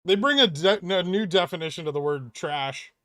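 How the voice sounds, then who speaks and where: Male streamer host, higher-pitched smooth voice, dry close mic, crude joking banter with chat. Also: lively intonation, normal speed, fairly bright tone, no room sound. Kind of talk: casual live-stream chat.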